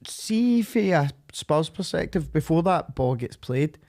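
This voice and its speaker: A man's voice: a little high, expressive, a little slow, a little mellow. A man co-hosting a football podcast, blunt and sweary, laughing a lot. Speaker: podcast co-host. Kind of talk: casual football chat.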